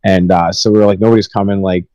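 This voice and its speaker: A man's voice: low-pitched, steady tone, fast talker, warm tone, clean tone, no room sound, rough recording. A young man telling rambling, profanity-filled stories with laughs in a casual podcast chat. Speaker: podcast host.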